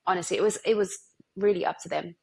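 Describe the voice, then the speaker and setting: A woman, a podcast guest, telling her own anecdotes in a lively, animated way. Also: lowish voice, fast, gravelly, slightly rough, rough recording. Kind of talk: casual storytelling in a podcast interview.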